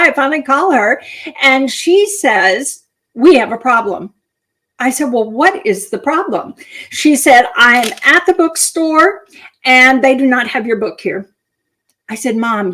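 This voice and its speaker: Middle-aged woman speaker from North Texas, lively anecdotal delivery with slightly high pitch; good for a business keynote. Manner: animated storyteller, acting out quoted voices. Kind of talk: storytelling talk to a live audience.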